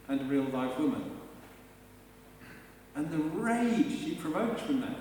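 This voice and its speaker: A man preaches a live sermon in a big church, picked up from a distance so the voice rings through a long, echoey hall. His voice sits a little high, and he talks in a conversational but emphatic way, full of rhetorical questions. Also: a little mellow, a little hiss or hum. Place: large church, indoors.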